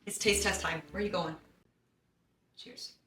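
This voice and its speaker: A woman's voice: medium pitch, big pitch swings, a little slow, a bit bright, roomy sound, slight background noise. A young woman hosting a casual home baking vlog in her kitchen, chatty and self-deprecating and laughing often. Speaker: baking show host.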